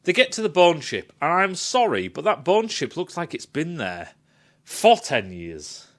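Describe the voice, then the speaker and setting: A man's voice: fairly high pitch, huge pitch swings, a little slow, fairly bright tone. Exasperated man ranting. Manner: exasperated, sweary, sarcastic. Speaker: film reviewer. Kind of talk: ranting film review.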